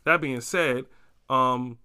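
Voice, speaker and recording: A man co-hosting a casual podcast, laid-back, laughing often and jumping high in pitch when excited. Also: slow pace, clean tone. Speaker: podcast co-host.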